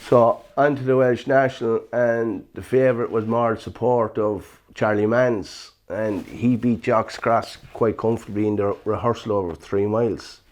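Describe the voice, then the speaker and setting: A man, a former jockey recalling his racing days in a relaxed interview, full of "you know" and "sure, look". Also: on the low side, normal speed, hardly any pauses. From Ireland. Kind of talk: casual reminiscing interview.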